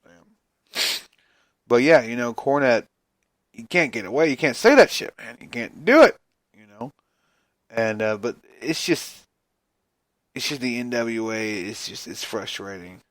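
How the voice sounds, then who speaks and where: A man's voice: medium pitch, lively intonation, measured pace, a bit bright, no room sound. A man hosting a casual solo podcast, ranting in a rambling, profane, frustrated way and sounding tired and yawning. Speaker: podcast host.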